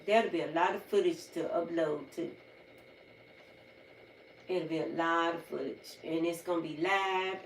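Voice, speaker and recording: A woman from the United States runs a livestream chat in a lowish voice, talkative and prone to repeating points for emphasis. The recording has a little hiss or hum, a roomy quality, faint ambience, and she's far from the mic.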